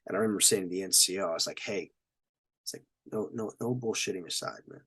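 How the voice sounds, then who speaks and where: This middle-aged man, a military veteran, talks fast in a low, slightly bright voice with a breathy edge. As a podcast guest, he tells stories full of acted-out quotes, sound effects and free swearing.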